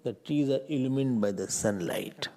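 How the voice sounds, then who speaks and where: A man's voice: mid-range voice, normal speed, warm tone. A man teaching a scripture class as a swami. He asks the class questions, answers them himself and stresses words with sudden force.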